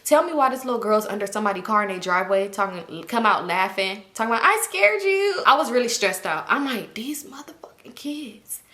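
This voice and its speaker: A young woman telling a casual storytime, animated and profane. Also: mid-range voice, fast, hardly any pauses. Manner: animated, profane, acts out quotes in raised voices. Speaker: storytime host. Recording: echoey room.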